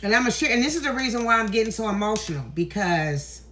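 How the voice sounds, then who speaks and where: Fast and animated, a woman's slightly high, bright voice fills an emotional vlog she films on her phone while walking an indoor hallway. The tarot creator sounds near tears, preaching emphatically and cursing freely.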